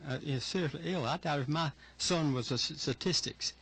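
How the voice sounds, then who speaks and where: An older man gives testimony in a hearing room, his voice husky and pitched a little high. He speaks earnestly and haltingly, stopping to collect himself as he tells his story. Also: fairly bright tone. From Georgia, USA. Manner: earnest, halting, emotional retelling. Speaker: witness testifying at a legislative hearing. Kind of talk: public testimony.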